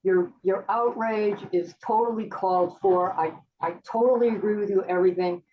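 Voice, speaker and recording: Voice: medium pitch, steady tone, normal speed. Far-off muffled voice on zoom, blunt and swearing. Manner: blunt, profane, agreeing. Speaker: podcast participant. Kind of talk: casual profane chat on a video call. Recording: distant lo-fi call with faint noise.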